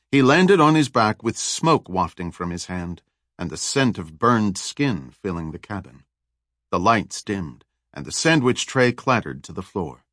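A man narrating a thriller audiobook in a steady, even reading. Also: fairly low pitch, dry recording, studio quality.

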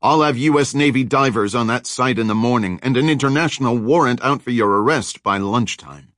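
A man's voice: mid-range voice, a little fast, fairly bright tone, no room sound, studio quality, natural voice. A male audiobook narrator voicing a determined male hero who calls urgently over a radio. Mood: defiant. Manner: urgent, raised and pressing.

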